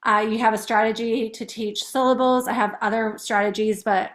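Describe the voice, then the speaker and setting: A woman's voice: a little high, fairly even intonation, a bit bright. A woman teacher chatting casually and upbeat, explaining how she teaches young kids to count syllables. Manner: chatty, upbeat, demonstrates words slowly in syllables.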